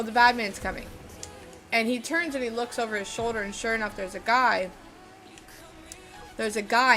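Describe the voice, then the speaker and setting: Brief: rambling woman streamer, a bit high-pitched, music playing behind her, casual and sweary. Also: sharp tone. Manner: rambling, lots of fillers and swearing. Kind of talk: casual storytelling while gaming.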